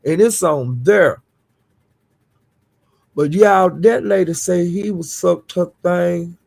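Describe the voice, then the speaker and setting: Gravelly, husky woman vlogger dishing gossip. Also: on the low side, lively intonation, measured pace, a little mellow. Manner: blunt, profane and indignant, addresses viewers directly. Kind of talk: casual gossip commentary.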